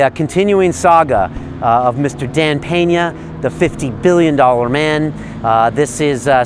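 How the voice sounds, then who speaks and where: A man's voice: medium pitch, background noise. A man hosting a show, talking casually to the camera in a friendly, enthusiastic way with lots of "uh" fillers. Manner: loose, rambling, many "uh" fillers. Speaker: host.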